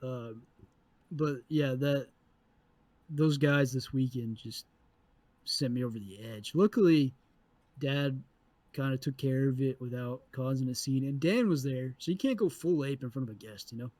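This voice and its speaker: A man co-hosting a podcast, telling a story in an animated, profane way and acting out the people in it. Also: medium pitch, normal speed, dry recording. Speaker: podcast co-host. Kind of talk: casual storytelling chat.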